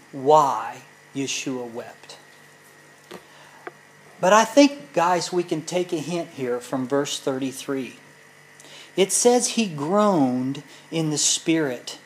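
Slow, earnest woman Bible teacher. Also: on the low side, a little hiss or hum, rough recording. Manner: earnest, explanatory, addresses listeners directly. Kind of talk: sermon.

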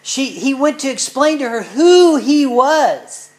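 A woman's voice: high-pitched, sing-song, takes it slowly, a little mellow, rough recording. A woman teaching a sermon in an earnest, explanatory way, speaking directly to her listeners. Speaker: Bible teacher.

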